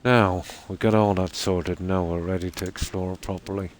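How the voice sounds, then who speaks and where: Low-voiced man streaming a game. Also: steady tone, soft background music. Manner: rambling and easygoing, with many "you know"s and pauses. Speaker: streamer playing a survival game. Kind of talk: casual live-stream commentary. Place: room at home at night.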